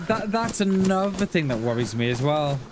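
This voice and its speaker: Unhurried male streamer, matey and rambling, game sounds clearly under the voice. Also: high voice. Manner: rambling, chummy, addresses chat as mate and buddy. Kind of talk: casual live-stream chat while playing. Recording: clear game noise behind the voice.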